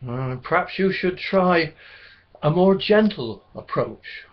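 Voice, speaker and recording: Brief: man playing a kindly, cheerful storybook blackbird, high-voiced and unhurried. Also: lively intonation. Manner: cheerful, gently encouraging. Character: cheerful helpful little blackbird, male, kindly. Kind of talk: children's storybook reading. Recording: dull lo-fi recording.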